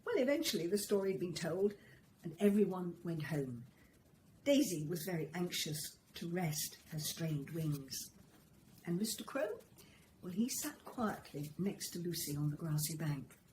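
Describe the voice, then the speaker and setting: A woman reading a children's story aloud, in a gentle, expressive storytelling manner. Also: on the low side, unhurried, slight background noise, rough recording.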